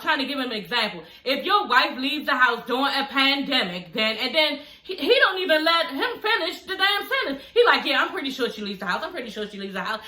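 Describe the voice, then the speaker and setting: A woman's voice: high-pitched, bright, forceful tone, echoey room. A woman, recapping a reality TV show in a casual chat, sassy and blunt, swearing and laughing often.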